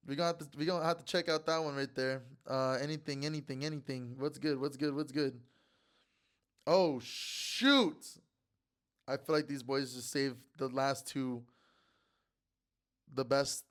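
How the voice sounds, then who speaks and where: A man runs a casual sports picks show, chatting loosely to his viewers. His voice is smooth and clear, pitched a touch high. He trash-talks with playful swagger and often repeats words in rapid strings. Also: fairly bright tone.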